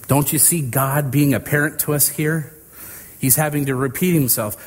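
A man preaching a sermon, slow and deliberate, with dramatic pauses between phrases. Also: a little high, steady tone, in a large hall.

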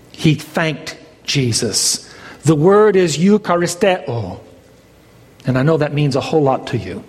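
A male pastor preaching a sermon, dramatic, his voice climbing as he voices the exchange between Jesus and Peter. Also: mid-range voice. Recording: long hall reverb.

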